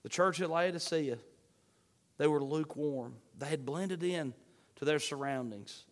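A man preaching a sermon, fervent, swinging between shouts and hushed pleading. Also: a little high, unhurried. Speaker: pastor. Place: church sanctuary. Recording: long hall reverb.

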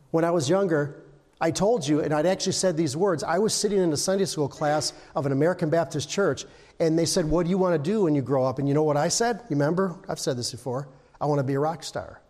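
A man's voice: fairly high pitch, mellow, in a large hall. An older man preaching an informal sermon, chatting with the congregation, asking questions and breaking into little sung snippets. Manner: conversational, asks the congregation questions, hums and sings snippets. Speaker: pastor.

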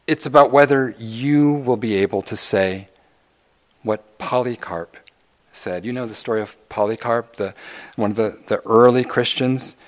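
A man preaching from the pulpit in a mid-range voice. He builds to loud, insistent repetitions, then drops suddenly to hushed, almost whispered lines to let a point sink in. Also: mid-range voice. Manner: dynamic preaching, swinging from loud emphatic calls to hushed near-whispers. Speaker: pastor. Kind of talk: sermon.

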